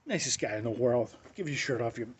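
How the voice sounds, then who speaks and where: A man's voice: mid-range voice, animated, brisk, slight background noise. Rambling man talking into his phone. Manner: rambling, many restarts and quoted dialogue. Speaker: show host. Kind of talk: casual spoken monologue.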